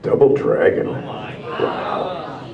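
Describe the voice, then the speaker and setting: A man's voice: medium pitch, expressive, very slow, roomy sound, phone-quality sound. A male voice actor bantering on a convention panel in a dry, teasing way. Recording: distant mic with crowd noise.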